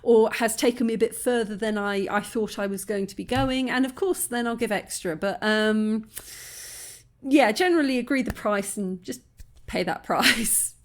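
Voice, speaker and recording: A woman's voice: a little high, moderate pace. A British woman hosting a reaction video, chatting casually and digressively, often laughing. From Britain. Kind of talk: casual commentary.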